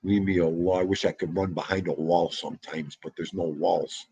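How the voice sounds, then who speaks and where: A man hosting a casual livestream, loud and excitable, chatting straight to his viewers. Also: deep voice, normal speed, slightly rough, no room sound. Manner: loud, excitable, talks to chat. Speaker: livestream host.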